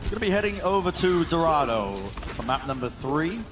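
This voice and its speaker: A man doing fast, excited play-by-play commentary on an esports match. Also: on the high side, noisy background. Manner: excited, builds to shouts on big plays. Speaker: esports caster.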